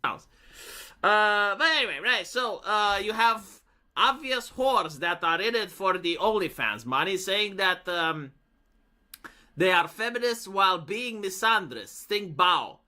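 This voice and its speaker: A man's voice: high-pitched, expressive, a little slow, bright, forceful tone. A man giving casual, profane opinion commentary in a clip, rambling with fillers. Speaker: commentator in a played video.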